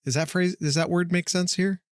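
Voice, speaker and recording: A man's voice: sits high, fairly even intonation, normal speed, clear, resonant tone, dry recording. Joking guy on a sports picks podcast, teases his cohost, rattles off stats, dry close mic. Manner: joking, teasing, stat-heavy. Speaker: podcast co-host. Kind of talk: casual sports picks chat.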